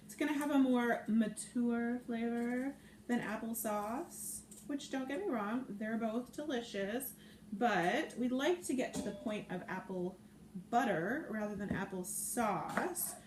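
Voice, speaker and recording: A woman's voice: on the high side, measured pace. A woman hosting a live cooking stream, chatting playfully and reading out viewer comments as she cooks. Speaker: cooking show host. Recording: echoey room with faint noise.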